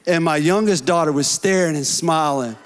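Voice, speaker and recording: Earnest preacher in a reverberant hall. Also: male voice, a little high, normal speed. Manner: earnest preaching, rising to shouts in prayer. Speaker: pastor. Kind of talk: sermon. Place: church hall.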